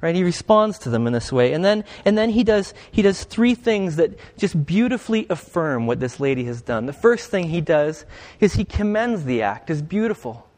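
A man's voice: on the high side, very animated, normal speed, darkish tone, in a large hall. A male pastor preaching a conversational sermon, often putting questions to his congregation. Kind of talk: interactive sermon.

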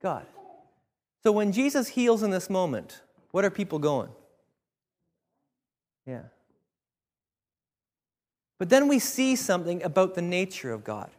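A man's voice: high-pitched, unhurried, pauses often. Man preaching in a reverberant hall. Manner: animated, acts out voices of biblical figures. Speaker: pastor. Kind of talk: sermon.

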